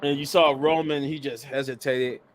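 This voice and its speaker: A man co-hosting a podcast, recapping events in an animated casual way and laughing easily. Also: medium pitch, moderate pace. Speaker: podcast co-host.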